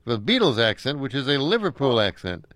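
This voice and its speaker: A man's voice: medium pitch, very animated, fairly bright tone, no room sound. Rambling older American man, dry sound. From United States. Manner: rambling, chuckling often, halting with many uhs. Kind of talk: casual chat.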